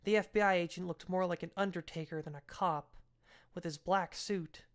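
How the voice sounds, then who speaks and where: Woman with a lowish voice narrating a crime novel; steady and even. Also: normal speed. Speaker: audiobook reader. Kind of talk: reading a novel aloud.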